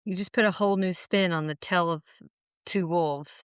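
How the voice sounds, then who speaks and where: A woman's voice: fairly low pitch, normal speed, smooth, dry recording, studio quality. A woman hosting a podcast interview, eager and enthusiastic as she responds and asks questions. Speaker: podcast host. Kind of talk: interview conversation.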